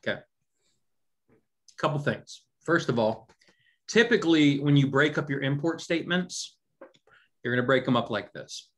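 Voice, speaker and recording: A man's voice: medium pitch, fairly bright tone. Man teaching a live coding lecture. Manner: conversational, often checks in with the class. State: has hiccups. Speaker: instructor.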